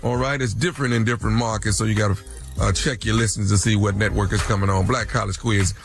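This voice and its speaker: A man's voice: on the low side, steady tone, fast talker, creaky, faint music behind. A man on a radio morning show, joking and plugging his shows in a playful, drawling way. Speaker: radio co-host. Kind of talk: radio show banter and plug.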